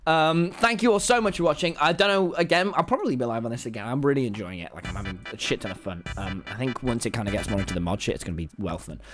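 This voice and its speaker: A young British man hosting a live gaming stream, chatting casually in a rambling, excitable and sweary way. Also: mid-range voice, fast talker, few pauses, faint music behind. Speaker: livestream host.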